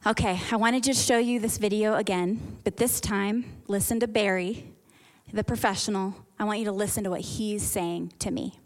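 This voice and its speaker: A woman's voice: medium pitch, steady tone, moderate pace. A woman pastor preaching a sermon in an earnest, encouraging way.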